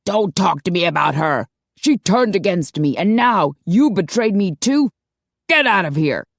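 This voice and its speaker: A man's voice: mid-range voice, lively intonation, normal speed, no room sound, clean studio sound, pitched below the performer's own voice, natural voice. A woman voicing a stern middle-aged male vampire-hunter boss who speaks harshly and with contempt, in an audiobook. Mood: scornful. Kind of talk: audiobook character voice.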